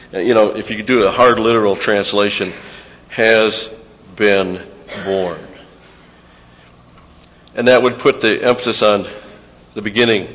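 Lower-voiced man preaching in a reverberant hall. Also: fairly bright tone, muffled recording. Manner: teaching verse by verse, explaining grammar, repeats phrases for emphasis. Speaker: pastor. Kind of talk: expository sermon.

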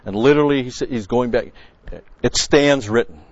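A man's voice: mid-range voice, normal speed, dry recording. A man giving verse-by-verse sermon teaching as a Bible teacher, stressing points by repeating key words and explaining the grammar of the original text. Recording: dull, dry lo-fi recording.

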